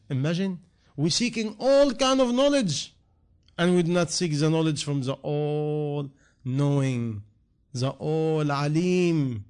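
A man's voice: fairly high pitch, a little mellow. Earnest preaching man. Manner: earnest, repetitive rhetorical questions, non-native grammar. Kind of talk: sermon.

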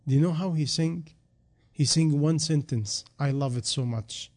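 A man's voice: on the high side, moderate pace. Emotional man preaching a sermon. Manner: shifts between quiet reflective lines and loud, rising emphatic calls; non-native English phrasing.

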